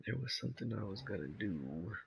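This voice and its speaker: A man's voice: on the low side, lively intonation, fairly quick, vocal fry, breathy edge. A man giving casual, rambling gameplay commentary, laid-back and swearing freely. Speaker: gamer.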